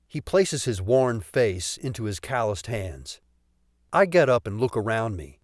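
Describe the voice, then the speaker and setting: A man's voice: on the low side, very animated, a little slow, no echo, clean studio sound. A man narrating a comic story in the first person for an audiobook, telling it expressively.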